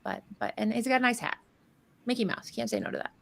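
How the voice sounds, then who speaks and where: Bright jokey woman casting a card game stream, rambles and chats. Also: on the high side, steady tone, fast talker, vocal fry. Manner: chatty, jokey, rambling storyteller. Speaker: caster. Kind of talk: live game commentary banter.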